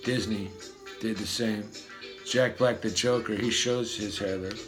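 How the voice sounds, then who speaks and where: Man vlogger, rambling profane rant, mid pitch. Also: steady tone, measured pace, over music. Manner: free-associating, profane, muttering. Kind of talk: rambling conspiracy monologue.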